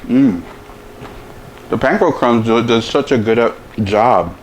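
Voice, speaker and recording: A man's voice: medium pitch, a little hiss or hum. A man hosting a casual cooking demo and taste test, humming over each bite and talking with his mouth full. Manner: talks with mouth full, lots of savoring hums; slow, relaxed delivery. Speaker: chef, cooking show host.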